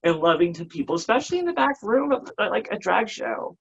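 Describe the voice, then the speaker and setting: A man's voice: sits high, sing-song, quick pace, vocal fry, breathy edge. A man in his thirties with an American accent speaks as a drag queen on a casual talk show. He swings between crude campy jokes and heartfelt thanks, and the recording sounds dull and lo-fi. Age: 30s. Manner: campy, emotional, crude joking. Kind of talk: casual interview chat.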